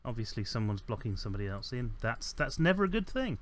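A let's play host offers casual commentary while playing a building game, his mid-range voice very animated. He rambles, corrects himself, fills gaps with ums, and drops dry, self-mocking asides.

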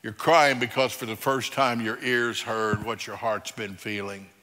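A male pastor preaching a sermon, emphatic and direct, moving between loud declarations and quiet, low passages. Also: fairly even intonation, a little slow, long reverb tail. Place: church sanctuary.

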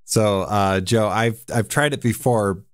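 A man's voice: on the low side, unhurried, no room sound. A man streaming a horror game, giving laid-back casual commentary and chuckling often.

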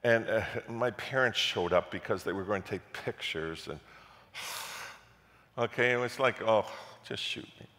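Lively pastor preaching in an echoey church. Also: male voice, fairly low pitch, a little slow. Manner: animated storytelling, repeats words, rises to loud passionate peaks. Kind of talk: sermon storytelling. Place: church sanctuary.

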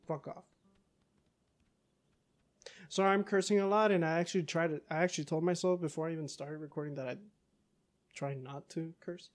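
A man giving casual let's-play commentary, talking back to the game's characters, cursing and breaking into yells. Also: on the high side, a little fast, long pauses, soft background music. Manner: excitable, curses, talks back to game characters, yells in bursts. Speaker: gaming YouTuber.

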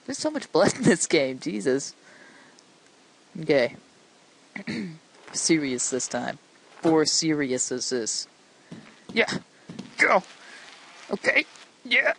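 A woman giving excitable let's-play commentary into a desk microphone, yelling and laughing at the game as she plays. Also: deep voice, takes it slowly, long pauses, a little hiss or hum, low-quality recording. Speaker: gameplay commentator.

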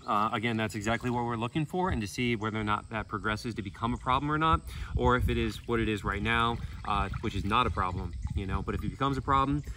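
A man's voice: lowish voice, fast talker, bright, forceful tone, slight background noise. Easygoing man explaining outdoors. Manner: loose, filler-heavy explaining. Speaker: sanctuary owner and vlog host. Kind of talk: casual vlog chat. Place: outdoors at an animal sanctuary.

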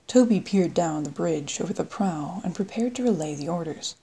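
A woman reading an audiobook in steady scripted narration. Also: on the low side, moderate pace, slightly rough. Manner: steady storytelling read.

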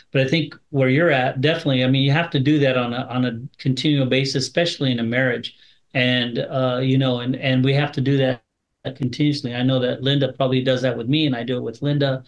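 A man who is a rabbi, teaching in a bible study in a measured, reassuring way with some restarts. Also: mid-range voice, muffled recording.

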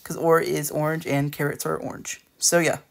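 A man's voice: on the high side, flat delivery, brisk, vocal fry. A man giving casual, rambling commentary while building in a game, full of hesitations and restarts. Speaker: let's play creator.

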